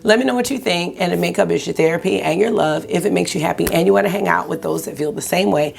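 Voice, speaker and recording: A chatty woman in her forties with a gravelly, low morning voice talks through her makeup routine. She sounds relaxed and friendly, drops a "y'all" here and there, and talks close to the camera mic. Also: quick pace, slight background noise. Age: 40s. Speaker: beauty vlogger. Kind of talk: casual get-ready-with-me chat.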